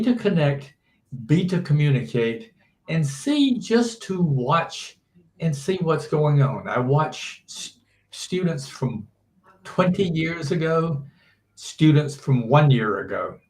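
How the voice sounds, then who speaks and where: An older man, a teacher, giving measured interview answers and often restarting his sentences. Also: on the high side, very animated, a little mellow, roomy sound. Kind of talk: slow thoughtful interview answers.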